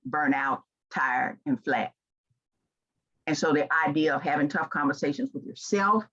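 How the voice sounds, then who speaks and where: Husky-voiced Southern woman speaker. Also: sits low, muffled recording. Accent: Southern American. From American South. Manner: earnest and emphatic, with rising animated stretches. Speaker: keynote speaker. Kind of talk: motivational talk.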